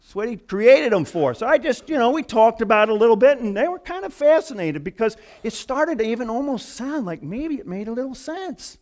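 A man's voice: extremely high pitch, a bit bright. A male pastor giving a conversational sermon, telling stories and acting out the voices of people in them. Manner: storytelling, acting out quoted voices.

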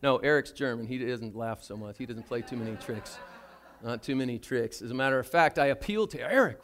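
A man's voice: mid-range voice, a little fast. An older man preaching a sermon as a pastor, telling a story about himself in a chatty, self-deprecating way.

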